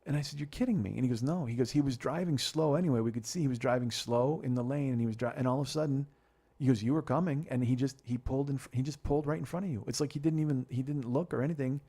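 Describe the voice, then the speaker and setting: A gravelly, husky-voiced middle-aged man tells a rambling story on his own podcast. He talks fast, swears freely and gets more animated as he goes. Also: medium pitch. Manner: profane, rambling, animated retelling. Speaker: podcast host. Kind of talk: storytelling monologue.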